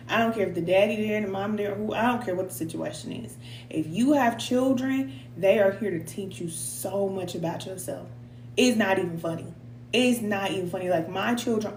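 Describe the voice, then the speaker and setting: A middle-aged woman talks to her viewers in a folksy, chatty way and laughs easily. Her voice sits at a middle pitch for a woman. The sound bounces around a roomy space, with a faint hum underneath. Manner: chatty, folksy, reads viewers' comments aloud and laughs often. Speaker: spiritual reader and host. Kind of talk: casual live-stream talk to viewers. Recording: echoey room with faint hum.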